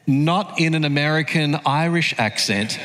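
A man's voice: on the high side, a little slow, background noise. An Australian man in his forties preaching a sermon, telling his story earnestly and building to emphatic peaks. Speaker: pastor. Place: large church hall. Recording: long hall reverb.

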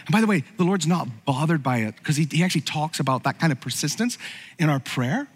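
A man's voice: on the high side, very animated, quick pace, husky, in a large hall. A man preaching a sermon as pastor, conversational and humorous, with frequent asides to the congregation.

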